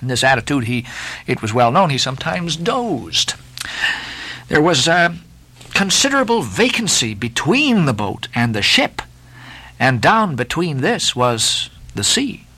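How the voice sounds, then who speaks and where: A man's voice: a little high, a little slow, husky, dry recording, poor audio. A man giving a dramatic, theatrical reading of a classic novel as an audiobook narrator. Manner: expressive, theatrical storytelling.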